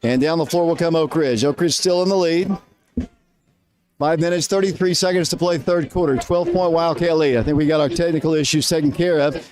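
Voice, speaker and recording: Breathless high-voiced play-by-play man. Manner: rapid, rising excitement on big plays. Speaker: radio play-by-play announcer. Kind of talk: live basketball play-by-play.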